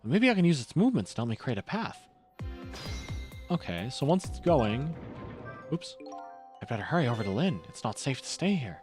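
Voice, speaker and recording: A young man gives casual game commentary, reading the dialogue aloud between wry, chatty asides. His mid-range voice moves a lot in pitch. Soft game music plays underneath. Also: big pitch swings, a little fast, long pauses. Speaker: streamer.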